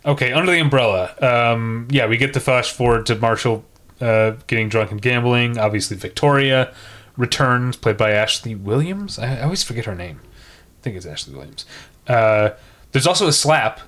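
A man's voice: medium pitch, animated, fairly bright tone. Chatty man recapping a sitcom. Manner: chatty, quick to laugh, quotes lines. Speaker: podcast co-host. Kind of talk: casual TV recap chat.

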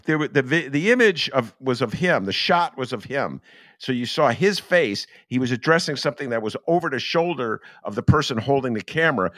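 A man's voice: medium pitch, a bit bright, no room sound, studio quality. A man hosting a political podcast, telling stories with lots of fillers and restarts. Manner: rambling storyteller, many fillers and restarts. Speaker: podcast host. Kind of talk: casual political chat.

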